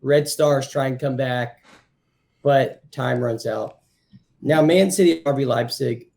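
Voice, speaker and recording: A man with a gravelly, mid-pitched voice co-hosting a casual football podcast. He makes his predictions in a laid-back, sure-of-himself way. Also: slow pace, a little mellow. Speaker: podcast co-host. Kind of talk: casual sports chat.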